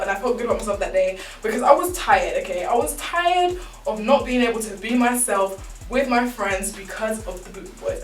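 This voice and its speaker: A young woman telling a casual, animated storytime full of slang. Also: medium pitch. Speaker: vlogger. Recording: roomy, distant mic, faint background music.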